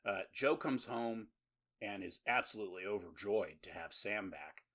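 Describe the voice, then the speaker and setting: A man's voice: fairly low pitch, normal speed, a bit bright. A man co-hosting a podcast, recapping a horror movie in rambling, profane casual chat full of laughs. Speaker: podcast co-host.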